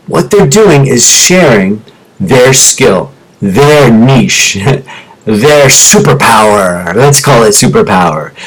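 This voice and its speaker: A mid-pitched man in his forties speaks to fellow teachers through a teleconference mic. He tells an emotional personal story, his voice falling low and hushed at the painful moments and rising with energy when he makes his case. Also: low-quality recording. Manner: storytelling, drops low and quiet in emotional parts, rises for emphasis. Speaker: teacher turned business coach. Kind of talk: motivational talk to teachers. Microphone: teleconference microphone.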